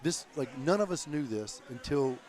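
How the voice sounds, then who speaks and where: A man's voice: medium pitch, lively intonation, normal speed, a little mellow. A man co-commentating at an outdoor strongman event, telling stories and laughing often. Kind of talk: casual live commentary.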